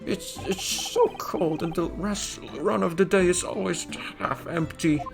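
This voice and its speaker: A man's voice: sits high, a little slow, creaky, music in the background, voice pushed up. A man voicing a timid male Italian coachman with a put-on Italian accent, stammering and pleading. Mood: nervous.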